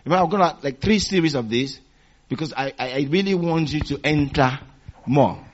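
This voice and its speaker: A man preaching a sermon in a call-and-response manner, repeating phrases for emphasis and swinging between loud exhortation and quiet teaching. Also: on the high side, normal speed, dull audio, slight background noise.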